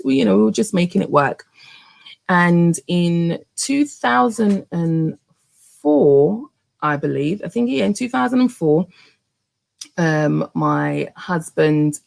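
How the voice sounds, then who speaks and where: A woman in her thirties telling a personal story to her viewers, animated, with many fillers and restarts. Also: deep voice, creaky.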